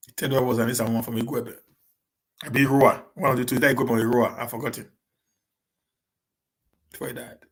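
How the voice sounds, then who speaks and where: Fast-talking Nigerian man, repeating words. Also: medium pitch, little pitch movement. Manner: quick, repeats and restarts words, mixes in pidgin. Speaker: live-stream host answering viewer questions. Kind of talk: casual chat to viewers.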